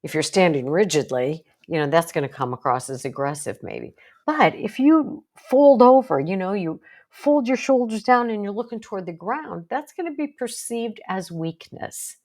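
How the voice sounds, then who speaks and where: A woman's voice: medium pitch, lively intonation, moderate pace, a little mellow. A woman psychologist with a strong, assertive voice, giving an educational talk to viewers in a direct, coaching way. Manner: direct, coaching, self-deprecating asides.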